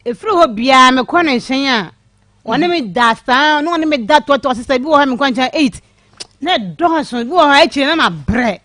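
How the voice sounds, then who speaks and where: A woman telling a candid personal story on a radio show, emphatic and animated, pleading her case with the host. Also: high voice, a little fast, no echo, clean studio sound.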